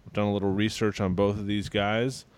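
A man's voice: lowish voice, level tone, a little fast, clean tone, no echo. A man co-hosting a casual wrestling podcast, rambling with lots of fillers and restarts. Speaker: podcast co-host.

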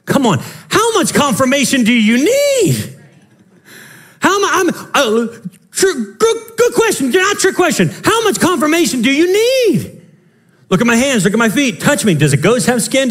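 A young male pastor delivers a playful, theatrical sermon. His voice sits high and swings widely, acting out the scenes and breaking into laughter. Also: fairly bright tone. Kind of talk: lively Easter sermon.

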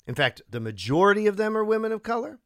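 Animated, emotional man, chatty co-host. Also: high voice, fast, clean tone, no room sound, clean studio sound. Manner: animated, emotional, digressive with many restarts. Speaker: podcast co-host. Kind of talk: casual political chat.

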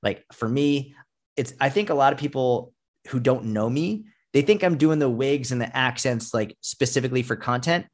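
A man's voice: medium pitch, animated, normal speed. A man speaking as a fitness coach guest in a casual podcast interview, blunt and emphatic, with frequent swearing.

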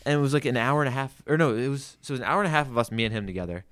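A man's voice: mid-range voice, expressive, very fast, fairly bright tone. A young man from the Philadelphia area co-hosting a casual podcast, ranting about his work in car sales, swearing freely and saying "like" constantly.

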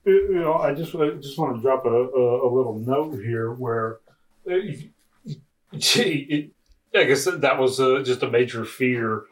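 A man appearing as a podcast guest, speaking in a halting, hesitant way with lots of pauses and fillers, often laughing. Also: medium pitch, roomy sound. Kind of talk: casual podcast discussion. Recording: voice from a distant mic.

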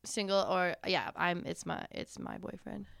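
Woman, smooth clear voice, mid pitch, rambling giggly storytelling, dry close mic. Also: a little slow, fairly bright tone, dry recording. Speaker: guest comedian. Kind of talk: casual chat.

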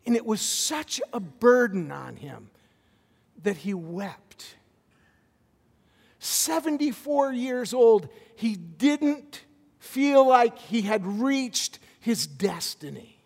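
A man preaches a sermon in a high voice, taking his time. He is animated and often stammers and restarts his phrases. His voice rings out with the long echo of a church hall. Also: slow pace, gravelly, husky. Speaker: visiting pastor.

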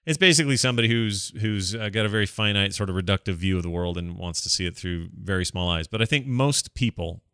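A man's voice: low-pitched, quick pace, hardly any pauses, a bit bright, clean tone, dry recording, clean studio sound. A man from the United States talking bluntly and with strong opinions as a podcast co-host in casual chat.

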